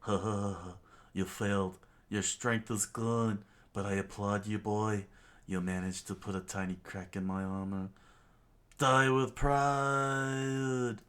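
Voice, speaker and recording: A man voicing a boastful armored pirate captain who talks in pompous, booming threats. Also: little pitch movement, normal speed, close to an everyday voice. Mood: taunting.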